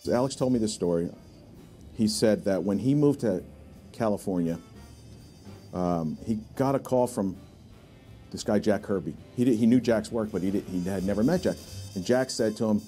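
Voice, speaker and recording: A man with a lowish, mellow voice recounts memories of a friend at an easy, conversational pace. He restarts a few sentences as he goes. Soft music plays faintly underneath. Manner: anecdotal, halting restarts. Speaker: interviewee in documentary. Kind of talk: reflective storytelling.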